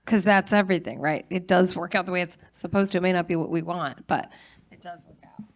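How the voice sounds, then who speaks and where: A woman's voice: fairly low pitch, steady tone, fairly quick. A woman on a convention panel, speaking reflectively and reassuringly. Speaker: voice actor panelist. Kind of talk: casual convention panel chat.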